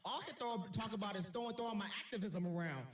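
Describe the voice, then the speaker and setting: High-voiced animated comedian, echoey. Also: male voice, fast, far from the mic. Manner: animated, swearing, laughs often. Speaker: comedian guest. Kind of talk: casual podcast chat. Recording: echoey room, voice off mic.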